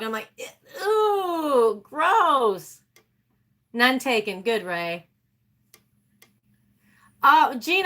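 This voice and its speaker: A woman's voice: a little high, pushed and bright. A woman chatting casually and animatedly with her livestream viewers, laughing often. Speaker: livestream host.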